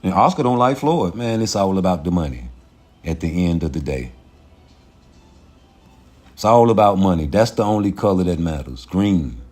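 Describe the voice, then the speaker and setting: A man with a lowish voice holds forth on his own livestream, swearing freely and laughing between points. He talks straight to his viewers in a loose, rambling rant. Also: normal speed, long pauses, soft background music. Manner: profane, animated, laughs often. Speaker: livestream host.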